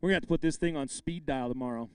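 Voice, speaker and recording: A man's voice: fairly high pitch, fast talker, darkish tone, clean tone, dry recording. A man emceeing a live fishing tournament weigh-in, bantering with anglers and calling out the weights with bursts of hype.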